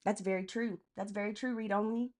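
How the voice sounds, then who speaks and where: Woman, live stream host, casual political talk, blunt, profane, reads chat aloud, medium pitch. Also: fairly even intonation, a little fast, a little mellow. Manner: blunt and profane, answers chat commenters by name.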